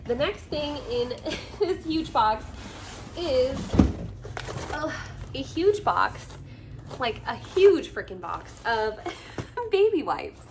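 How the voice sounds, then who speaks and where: A bubbly woman vlogger gushes over the things she unboxes at home, her voice swinging high and low as she talks. She laughs often and chats along with plenty of asides, while a faint hiss sits under her voice. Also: takes it slowly, pauses often. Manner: gushing and excited, laughs often; chatty with frequent fillers. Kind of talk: casual chat, unboxing gifts.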